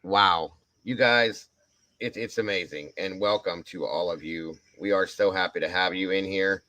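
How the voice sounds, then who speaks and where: A man's voice: low-pitched, normal speed, pushed and bright, no room sound, poor audio. An older man hosting a casual live stream at home, effusively thanking viewers one by one. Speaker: livestream host.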